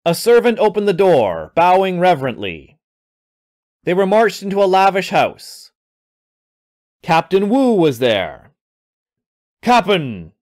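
A man reading his own adventure story aloud, narrating in an expressive storytelling manner. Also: high-pitched, measured pace, pauses often.

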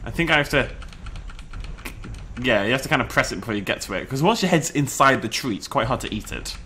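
A British man giving excited, chatty commentary on a dinosaur survival game, breaking into laughs and shouts. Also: medium pitch, fast talker, slight background noise. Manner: animated, shouts and laughs in bursts. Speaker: gameplay commentator. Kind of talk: excited let's-play commentary.

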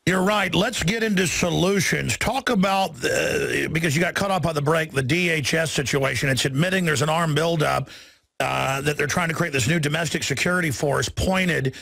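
A man hosts a talk radio interview, rambling quickly and restarting his sentences. His voice is gravelly and a bit high. The sound is dry and close, with no room around it. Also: a bit bright, no echo. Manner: rapid, rambling, many restarts. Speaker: radio talk show host.

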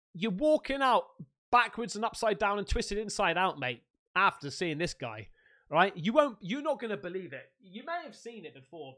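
An excitable English man giving casual reaction commentary as a video host, swearing and exclaiming loudly. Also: high-pitched.

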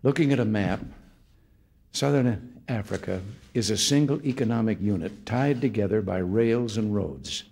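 A man in his seventies from the United States, delivering a formal policy address from a podium in a measured, deliberate way, phrase by phrase. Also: fairly low pitch, gravelly, a little mellow, breathy edge. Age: 70s. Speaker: head of state giving an address. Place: formal state room, indoors.

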